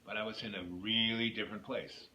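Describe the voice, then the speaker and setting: A man's voice: lowish voice, fairly even intonation, a little fast, sharp tone. A man hosting his own video, telling a rambling personal story that drifts off into opinions. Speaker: YouTube host. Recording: echoey room with faint noise.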